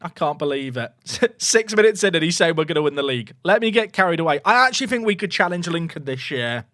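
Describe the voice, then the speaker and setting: Excitable man cheering over a game. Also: a little high, quick pace, no room sound, studio quality. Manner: excitable, jokey, swings from loud cheering to muttered asides. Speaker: streamer playing a football management game. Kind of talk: live gameplay commentary to chat.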